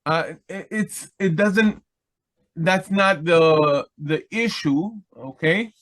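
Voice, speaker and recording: A man teaching a biblical Hebrew lesson over a video call, his voice sitting a little high for a man. He talks slowly and haltingly, with many fillers and restarts as he works through the text. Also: fairly bright tone. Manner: chants Hebrew text quickly.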